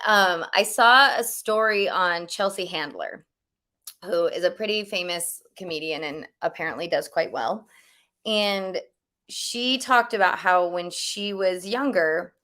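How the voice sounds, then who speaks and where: A woman's voice: on the low side, a bit bright. A woman spiritual teacher giving casual, rambling advice, full of fillers and restarts. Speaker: spiritual teacher answering questions.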